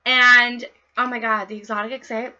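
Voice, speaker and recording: A young woman giving a casual training demo for home parties, talking fast in a bubbly, bawdy way. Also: a little high, flat delivery, sharp tone, lo-fi sound. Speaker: party consultant training others.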